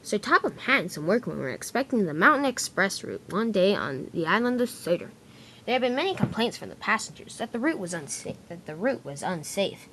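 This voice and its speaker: A woman's voice: mid-range voice, very animated, a little fast, a bit bright, a little hiss or hum. A woman narrating an improvised toy-train story, restarting words as she goes.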